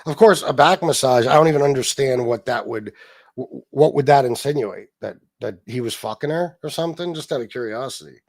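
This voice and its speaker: A man's voice: medium pitch, a little mellow. A man hosting a political livestream, chatting casually and bluntly with plenty of swearing as he reads posts aloud and answers his chat. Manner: blunt and profane, quick retorts to chat.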